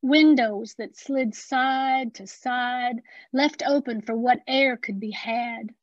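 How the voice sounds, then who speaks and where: Slow Appalachian woman reading poetry. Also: on the high side, fairly even intonation, no room sound, dull audio. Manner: slow, deliberate, dramatic pauses. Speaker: poet. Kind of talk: spoken-word poetry reading.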